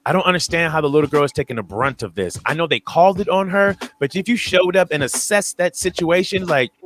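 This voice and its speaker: A man co-hosting a podcast retells a story in a loose, conversational way. His voice sits a little high for a man, and he jumps up and down in pitch when he acts out the people in the story. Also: animated, fast talker, a bit bright, a little hiss or hum. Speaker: podcast co-host. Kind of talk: casual storytelling chat.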